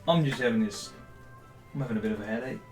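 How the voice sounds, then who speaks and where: During a casual tabletop role-play session, a player with a Dutch accent talks at a quick pace in a medium-pitched, slightly mellow voice. He teases the others playfully and laughs a lot, in an echoey room where faint music plays.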